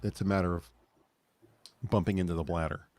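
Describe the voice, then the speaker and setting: A man's voice: deep voice, fairly even intonation, fairly quick, darkish tone. A man co-hosting a podcast in loose, rambling chat, cracking jokes and laughing at his own asides. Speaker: podcast co-host. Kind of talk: casual chat.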